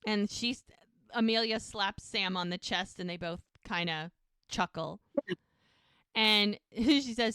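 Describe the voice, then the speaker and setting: A woman hosting a podcast, retelling scenes in a casual, animated way, acting out the characters' lines and laughing often. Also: medium pitch, measured pace, clean tone, no room sound, studio quality. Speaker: podcast host. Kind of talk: casual episode recap.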